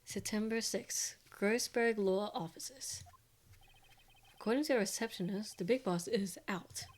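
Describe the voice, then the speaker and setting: A woman's voice: medium pitch, unhurried, close to an everyday voice. Give me a woman voicing an eager young male lawyer, hesitant, reading game lines aloud. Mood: musing.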